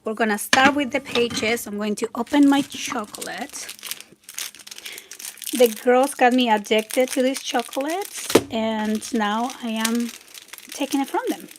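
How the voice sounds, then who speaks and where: A woman hosting a live crafting tutorial, chatty and relaxed, talking to viewers while she works. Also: a little high, measured pace, background noise. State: a bit out of breath. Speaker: craft channel host.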